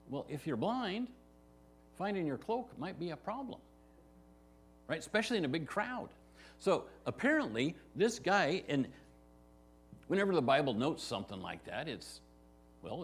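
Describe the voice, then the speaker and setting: Lively conversational male pastor. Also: fairly high pitch, breathy edge. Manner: conversational, often asks "right?" to the congregation. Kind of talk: verse-by-verse sermon. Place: church sanctuary.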